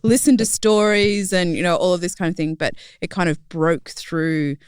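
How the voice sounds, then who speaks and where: A woman's voice: lowish voice, moderate pace, smooth, no echo, studio quality. A woman co-hosting a podcast, speaking in a candid, conversational way and telling personal stories. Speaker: podcast co-host. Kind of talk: casual discussion.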